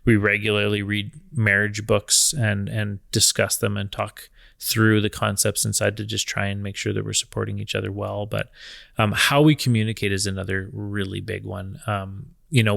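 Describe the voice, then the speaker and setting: A man in his thirties co-hosting a casual talk about marriage, calm and even-toned, thinking aloud with restarts. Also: fairly low pitch, gravelly, no room sound, clean studio sound. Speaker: podcast co-host.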